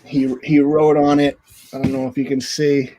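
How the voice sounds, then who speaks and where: With a fairly high voice at moderate pace and slight background noise, the former hockey goalie, middle-aged, recounts stories on a video call interview. He performs quotes animatedly in a raised voice.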